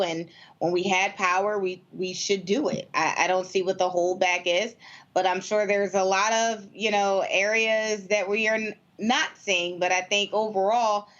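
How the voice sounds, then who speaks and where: American woman panelist, measured and a little hesitant, low voice, slightly dull remote sound. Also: fairly bright tone. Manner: measured, with frequent fillers and restarts. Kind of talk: political discussion.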